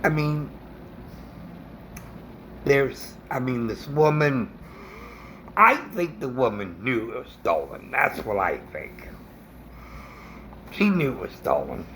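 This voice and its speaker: Man vlogger, indignant rant, slow and halting, pitch swinging up and down. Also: big pitch swings, sharp tone, slight background noise. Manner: indignant, halting with fillers and restarts. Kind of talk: opinion rant to camera.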